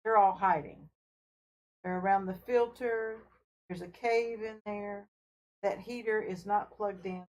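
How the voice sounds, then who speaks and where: A woman hosting a casual fish-keeping live stream from her home fish room, talking in an unhurried, friendly way with fillers as she carries her camera from tank to tank. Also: medium pitch, fairly even intonation, darkish tone, low-quality recording. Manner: unhurried, friendly, talks while showing tanks, with fillers. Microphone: handheld camera she carries around.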